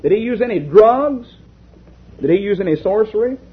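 A man with a high, slightly rough voice preaches a sermon at normal speed in an animated way, reading a story aloud and putting rhetorical questions to the congregation. The recording is lo-fi and tinny.

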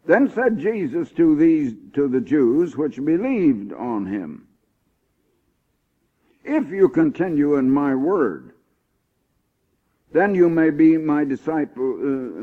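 Male preacher, emphatic sermon delivery, slightly high voice, tinny lo-fi recording. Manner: emphatic, rising on key points, slows for scripture. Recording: tinny phone-like old recording.

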